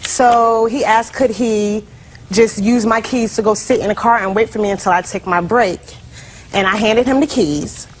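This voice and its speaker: A woman's voice: fairly high pitch, steady tone, normal speed, slight background noise. A woman in her twenties, a plaintiff in a TV courtroom, telling her story chattily with lots of "like" and "you know". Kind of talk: courtroom testimony.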